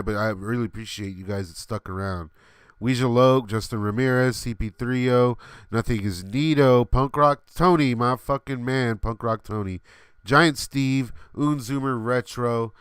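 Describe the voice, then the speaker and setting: A man's voice: mid-range voice, moderate pace, fairly bright tone, smooth, no echo, clean studio sound. A man in his thirties hosting a livestream, telling a rambling, laughing story with many fillers and some swearing. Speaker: livestream host.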